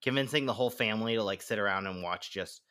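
Male co-host, casual chat, bright voice, lots of ums and laughs. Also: fairly low pitch, fast. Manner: laughs often, chatty with many fillers. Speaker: podcast co-host.

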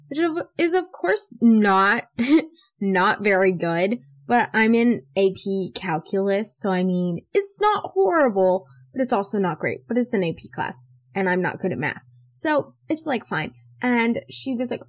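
A teenage girl hosting a casual podcast, telling stories in an animated, chatty way full of "like" fillers. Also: medium pitch, moderate pace. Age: teens. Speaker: podcast host. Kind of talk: casual chat.

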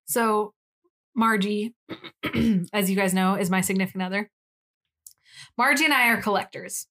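A woman's voice: mid-range voice, unhurried, pushed and bright. A young woman co-hosting a podcast in casual chat, rambling and giggly, swearing casually. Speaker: podcast co-host.

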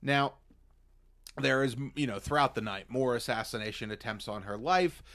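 A man co-hosting a podcast, recapping episodes in casual, animated chat and sometimes dropping into mock voices. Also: medium pitch, normal speed. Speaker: podcast co-host.

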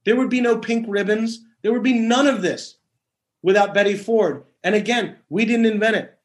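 Man, author guest on a podcast, earnest storyteller, light higher pitch. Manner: earnest, storytelling, restarts mid-thought. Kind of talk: podcast interview.

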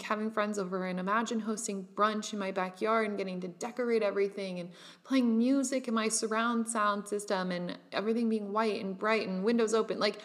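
A young woman in her twenties talks to her online audience in a rambling, casual monologue. She leans on filler words and drifts into a slow, dreamy drawl when she imagines things. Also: mid-range voice, a bit bright. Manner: chatty and rambling, with frequent "like" fillers; breaks into laughs and swears lightly. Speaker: online creator speaking to her followers.

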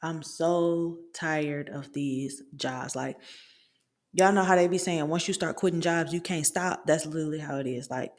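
A woman's voice: low voice, moderate pace. A young woman in her twenties hosting a podcast, venting candidly in casual conversational talk with lots of fillers. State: hiccups. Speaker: podcast host. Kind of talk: casual chat.

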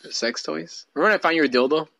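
A man's voice: fairly high pitch, fast, gravelly, a bit bright. A man co-hosting a casual couple podcast, joking crudely and swearing often. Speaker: podcast co-host.

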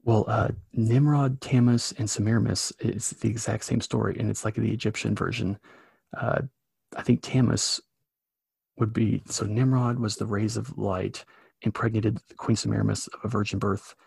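Brief: male podcast co-host, low gravelly voice with a husky rasp, swears a lot. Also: moderate pace, no echo. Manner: profane, animated storytelling. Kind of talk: casual podcast chat.

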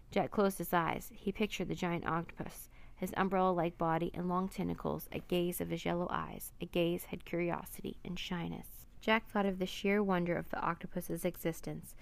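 Woman reading a storybook, gravelly edge. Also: fairly low pitch, little pitch movement, normal speed, few pauses. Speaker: narrator. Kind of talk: storybook read-aloud.

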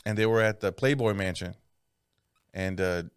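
A man's voice: lowish voice, normal speed, smooth, no room sound, studio quality. A man in casual chat, swearing freely and laughing often. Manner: profane, laid-back, laughs often.

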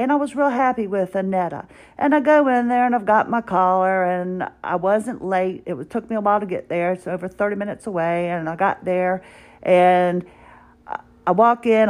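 A woman's voice: mid-range voice, darkish tone. A woman hosting a podcast, chatting casually and wryly about her day and retelling conversations line by line. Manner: chatty, wry, retells dialogue with "I said". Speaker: podcast host. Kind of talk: casual personal storytelling. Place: at home, doing exercises while talking.

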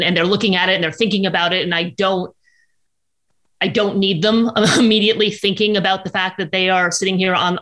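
A woman, a journalist guest on a podcast, talking casually in quick bursts with frequent restarts. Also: fairly low pitch, fairly bright tone. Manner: chatty, quick with many restarts.

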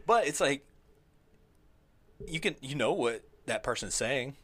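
A man co-hosting a loose, casual podcast chat. His voice is bright and forceful, and he rambles with plenty of "like" fillers. The sound is dry and close to the mic. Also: mid-range voice, animated, measured pace, dry recording. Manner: rambling, heavy use of "like" fillers. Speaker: podcast co-host.

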